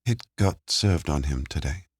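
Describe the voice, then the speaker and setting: A man voicing a playful, warm woman in an audiobook thriller, speaking lightly and coaxingly. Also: very deep voice, expressive, unhurried, slightly rough, dry recording, heavily acted. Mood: friendly. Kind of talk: audiobook character voice. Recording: dry close studio sound.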